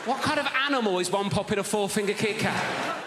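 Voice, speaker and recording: A man's voice: high voice, fairly quick, heavy background noise. A man doing stand-up crowd work, teasing and then apologizing to audience members. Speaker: stand-up comedian. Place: comedy stage with an audience. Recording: roomy live venue with loud crowd.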